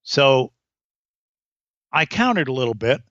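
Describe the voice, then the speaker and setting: Animated male storyteller, podcast guest, lively pitch, dry lo-fi recording. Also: unhurried, no echo. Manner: animated storyteller, acts out voices. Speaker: comedian guest. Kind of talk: podcast anecdote telling.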